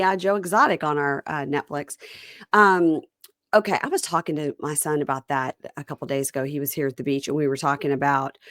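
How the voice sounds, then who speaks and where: A woman's voice: low voice, no echo, studio quality. A middle-aged woman hosting a podcast in casual chat, laughing often. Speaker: podcast host.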